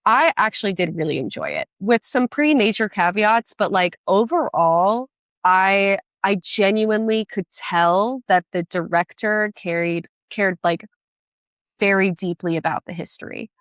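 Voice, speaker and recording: A woman chatting as a podcast guest, enthusiastic and quick, with many restarts. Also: mid-range voice, fairly bright tone, dry recording. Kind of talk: casual podcast chat.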